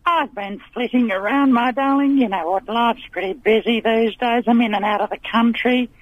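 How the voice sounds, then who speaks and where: Fields: Figure: gushing grand old lady caller played by a man. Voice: very high. Line: dull phone. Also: normal speed. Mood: flirtatious. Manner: gushing, talks over the host, calls him darling. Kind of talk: comic phone-in character.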